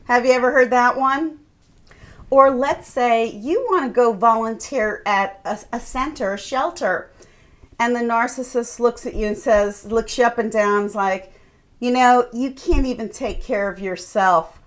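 A woman's voice: a little high, unhurried, a bit bright. A woman life coach giving an earnest advice monologue, now and then acting out what someone else says. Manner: earnest, acts out quoted remarks.

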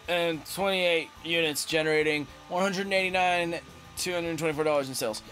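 A man giving casual, playful gameplay commentary, reading game text aloud and getting excitable. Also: a little high, moderate pace, soft background music. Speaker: let's play host.

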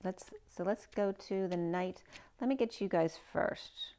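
A woman reading tarot cards aloud in a casual way, thinking out loud and asking the cards questions as she goes, her voice a little hoarse. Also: mid-range voice, a little slow. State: a bit hoarse, losing her voice. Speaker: tarot card reader.

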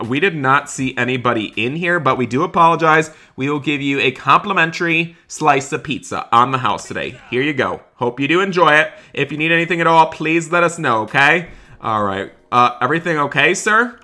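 A man's voice: medium pitch, pushed and bright. A man hosting a game roleplay, talking to viewers between polite hotel-staff lines. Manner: talks to viewers, switches to polite hotel-worker voice. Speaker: gaming roleplay host. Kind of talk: roleplay commentary.

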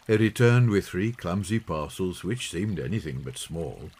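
A man reading a children's story aloud in an expressive, unhurried way. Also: low voice, husky. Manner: slow, lively expressive reading. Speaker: audiobook narrator. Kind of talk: storybook narration.

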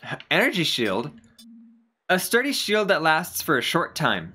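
A gamer giving casual, excitable commentary while playing, often gasping and exclaiming, with the odd casual swear. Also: medium pitch, a little slow, slightly rough. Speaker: let's play gamer.

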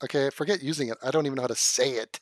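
A man's voice: medium pitch, rapid-fire, dry recording. A man streaming live, swearing as he rants and stumbling over a hard word while laughing at himself. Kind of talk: casual livestream commentary.

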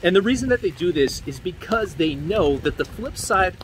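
A man's voice: sits high, lively intonation, moderate pace, a little hiss or hum. A man rambling animatedly in a preachy commentary vlog, talking to a handheld phone while walking outdoors on a street. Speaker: vlogger and men's dating commentator.

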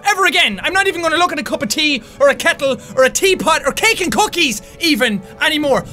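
An Irish man in his twenties doing loud, frantic gameplay commentary, swearing and yelling at the game. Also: very high-pitched. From Ireland. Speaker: gaming YouTuber.

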